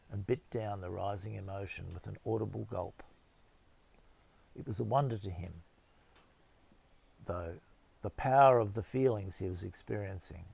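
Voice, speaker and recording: A man narrating a novel as an audiobook in a steady, measured storytelling manner. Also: on the low side, creaky, slightly rough.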